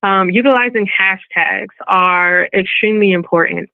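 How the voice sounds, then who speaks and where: A woman presents on a video call in a casual, talkative way, with plenty of fillers and playful acted-out quotes. Her voice has a slight gravelly fry. The sound is dry and narrow, like a phone line. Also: medium pitch, normal speed, dry recording. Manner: chatty, filler-heavy, acts out quoted voices. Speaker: webinar presenter and balloon event business owner. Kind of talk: casual online presentation with slides. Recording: phone-like webinar audio, dry.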